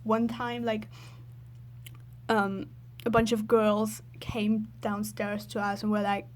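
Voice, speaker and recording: Slow-talking woman, rambling voice-over. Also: mid-range voice, level tone. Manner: rambling, fills with "like", giggles often. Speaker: video creator. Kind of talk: casual storytelling voice-over.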